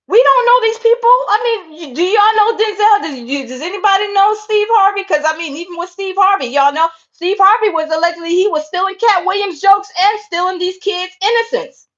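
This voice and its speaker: A woman's voice: sits high, a bit bright, lo-fi sound. A woman giving impassioned casual livestream commentary, repeating herself and calling her viewers "y'all". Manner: impassioned, repetitive, keeps addressing viewers as y'all. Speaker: online commentator.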